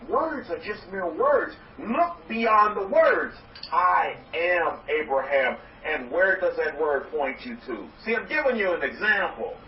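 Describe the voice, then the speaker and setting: A man preaching as a rabbi to a congregation, loud and excited, repeating phrases for emphasis. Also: fairly high pitch, unhurried, few pauses. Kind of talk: energetic sermon to a congregation. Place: hall with congregation. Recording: roomy, distant, dull lo-fi recording with faint noise.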